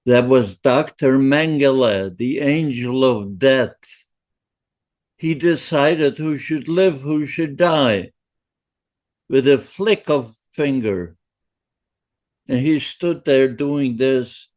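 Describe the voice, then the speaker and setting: In his nineties and originally from Poland, he tells a podcast about surviving, his account faltering, emotional and full of fresh starts. The pitch is medium and the tone a touch mellow.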